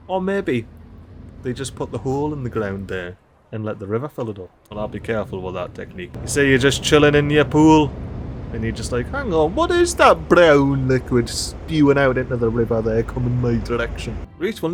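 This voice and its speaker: A man's voice: a little high, slight background noise. A man casually commenting on a city-building game, joking and chatting to the little citizens, with faint game sounds behind. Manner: chatty, jokey, talks to game characters. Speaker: gameplay streamer. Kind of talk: casual let's-play commentary.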